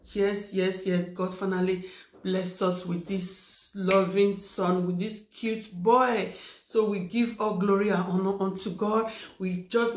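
A woman's voice: medium pitch, slight background noise. Fervent woman, echoey room. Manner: fervent, repeats phrases, prays aloud. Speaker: vlogger. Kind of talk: heartfelt birthday vlog with prayers.

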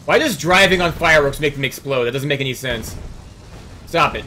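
A young male streamer talks over gameplay, swearing and teasing his chat. His voice sits a little high, bright and very animated. A faint noise hums under the home mic. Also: brisk. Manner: loud, joking, swearing, teases chat. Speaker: game streamer. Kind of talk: casual profane let's-play commentary.

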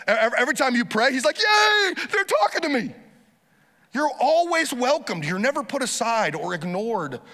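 A pastor delivering a lively sermon, urging the congregation to repeat phrases after him. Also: male voice, high voice, in a large hall.

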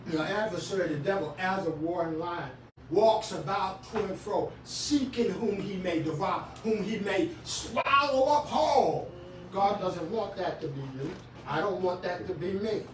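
A male preacher giving a sermon, moving from quiet talk to fervent shouting and often repeating words as he speaks. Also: high voice, a little slow, recorded from a distance, noisy background. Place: church sanctuary. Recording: very echoey church from afar.

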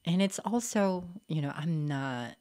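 A woman's voice: low voice, lively intonation, a little slow, a little mellow. A young woman from the Philippines with a Filipino accent, speaking candidly as a podcast guest and often saying "like, you know". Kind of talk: casual interview conversation.

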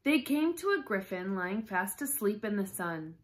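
A woman reading a children's storybook aloud, slowly and carefully, with lively expression. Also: medium pitch, slight background noise.

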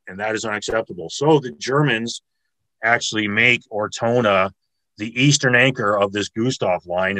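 A man lecturing on military history over a video call, his voice low in pitch, bright and forceful. He explains step by step, thinking aloud with fillers and restarts. The sound is dry and close. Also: no echo, low-quality recording. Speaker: military historian giving a talk.

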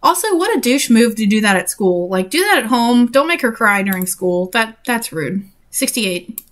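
Woman reading a story out loud, higher voice, snarky asides and swearing. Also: lively intonation, normal speed. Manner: sarcastic, frank, swears. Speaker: reader and commentator. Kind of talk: reading a fan story aloud with commentary.

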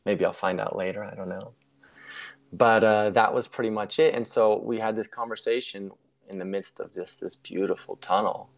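A young man with a low-pitched voice tells his story in a relaxed interview. He rambles and corrects himself as he goes, reflective and unhurried. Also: gravelly. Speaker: guest sharing a near-death story.

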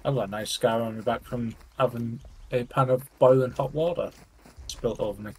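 A man's voice: medium pitch, steady tone, moderate pace, a little hiss or hum. A man talking offhandedly with friends during a game stream. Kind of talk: casual gaming chat.

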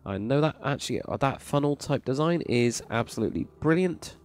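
Animated and fairly quick, a mid-range male voice provides casual, rambling, excited commentary on a game build tour, praising freely. The speaker reviews Minecraft server plots, with faint background music playing.

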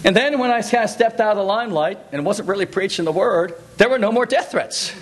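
A man preaching a sermon, telling stories with laughter and shouting exhortations to the congregation. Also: high voice, a little fast.

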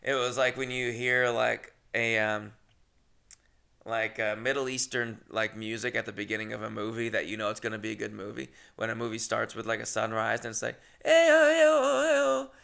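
A man's voice: on the low side, little pitch movement, brisk, creaky, bright, forceful tone, smooth. A man in his thirties hosting a podcast, telling a rambling, self-deprecating story with frequent swearing and restarts. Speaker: podcast host. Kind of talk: casual storytelling.

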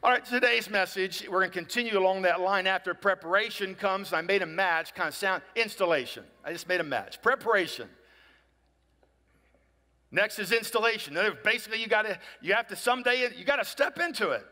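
A man's voice: high-pitched, brisk, bright, forceful tone, long reverb tail. A male pastor giving a conversational sermon, often asking "right?" and acting out both sides of conversations. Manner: conversational, asks "right?" often, acts out people in dialogue.

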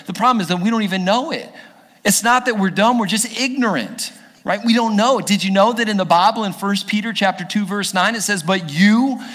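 Animated high-voiced pastor in echoing church. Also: male voice. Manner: animated storytelling, acts out the characters with voices. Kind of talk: sermon. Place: church sanctuary. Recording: long hall reverb from a church.

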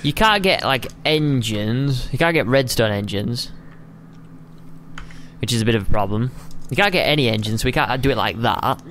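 A playful man chats his way through a building game with friends. His voice leaps up and down in pitch as he jokes and reacts. Keyboard typing clicks behind him. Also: normal speed, slight background noise. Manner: playful, chatty, swings up in pitch when excited. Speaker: gaming video host. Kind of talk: casual gameplay chat.

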